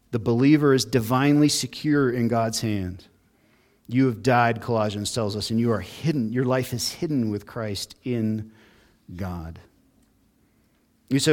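A man's voice: medium pitch, a little slow, pauses often. A man preaching a sermon as pastor, earnest and building emphasis on key points.

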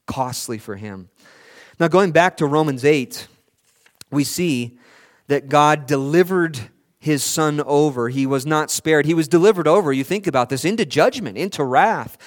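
A man preaching a sermon in an earnest, pleading way, his voice swelling loud and dropping soft, with frequent restarts. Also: fairly high pitch.

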